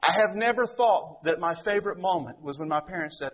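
Husky high-voiced male preacher. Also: animated, fairly quick, a bit bright, lo-fi sound. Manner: asks rhetorical questions, acts out quoted voices. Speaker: pastor. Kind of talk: sermon.

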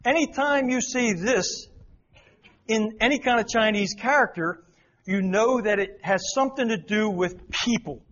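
Man, fairly high voice, folksy teacher at church, dull lo-fi sound. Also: a little slow, fairly bright tone. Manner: folksy, repeats words for emphasis. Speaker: missionary teacher. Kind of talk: church talk explaining Chinese characters. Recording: dull lo-fi recording.

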